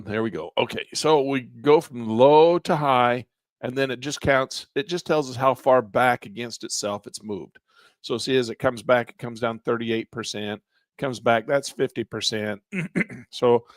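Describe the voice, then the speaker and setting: A man teaching a live online trading class. He walks through charting software step by step in a conversational way, clears his throat often, and says he is losing his voice. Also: mid-range voice, no echo. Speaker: trading instructor.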